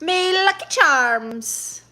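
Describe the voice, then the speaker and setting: Woman doing a squeaky gleeful leprechaun. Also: expressive, sharp tone, a little hiss or hum, heavily acted. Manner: drawn-out, sing-song. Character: squeaky leprechaun with a gold coin.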